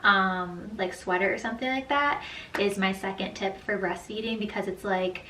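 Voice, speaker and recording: A woman's voice: medium pitch, moderate pace, bright, forceful tone. A young mother talks through her outfits in a loose, chatty way, full of "like" and "um". Her voice sits in an ordinary middle range. The mic is set back, so the room echoes around her and a faint hum runs underneath. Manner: chatty, loose, many "like" and "um" fillers. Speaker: vlogger, new mother. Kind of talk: casual outfit try-on chat. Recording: roomy echo, distant mic, faint room noise.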